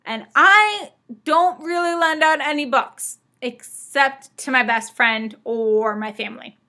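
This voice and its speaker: A woman's voice: sits high, slow pace, bright, forceful tone. A young woman chatting casually in a book vlog, bubbly and gushing. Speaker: book vlogger. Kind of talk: casual chat.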